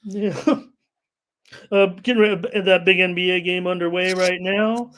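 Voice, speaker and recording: Man, middle-aged, high voice, excitable, rambling, casual betting-stream banter. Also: measured pace.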